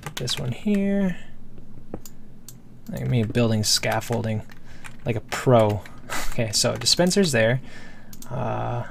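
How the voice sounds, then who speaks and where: A man's voice: mid-range voice, vocal fry, a little hiss or hum. A man giving casual let's play commentary, thinking aloud as he builds and rambling with many fillers. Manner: casual, self-talking while building. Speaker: gameplay host.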